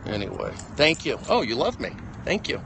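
A man's voice: big pitch swings, moderate pace, vocal fry, background noise. Agitated ranting man on a phone. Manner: agitated, shouty, jumps between loud bursts and low mutters. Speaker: comedian livestreaming. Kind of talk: rambling livestream rant.

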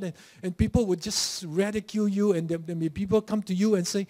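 A man's voice: high-pitched, fairly even intonation, fast, hardly any pauses, mellow. A man with a Malaysian English accent preaching a sermon in church, telling stories and acting out mocking voices before a direct challenge. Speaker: pastor.

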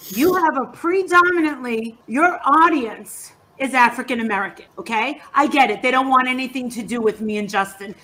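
A woman's voice: on the high side, fairly quick, few pauses, pushed and bright, a little hiss or hum. A woman speaking as a guest on an online panel. She talks in a confrontational, scolding way. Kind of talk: heated online panel talk.

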